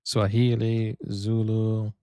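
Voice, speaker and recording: A man from Brazil hosting a sports reaction video, chatting excitedly and often stumbling and restarting his sentences. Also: lowish voice, takes it slowly, smooth, no echo. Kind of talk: casual reaction commentary.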